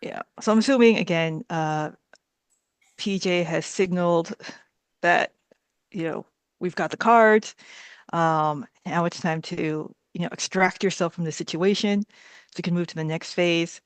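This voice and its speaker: A player with a smooth, resonant voice walks through the next step of a heist plan. The recording is dry and close. They muse aloud and check details with the group. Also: medium pitch, a little slow, no echo. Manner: thinking aloud, laying out the plan. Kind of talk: tabletop role-play chat.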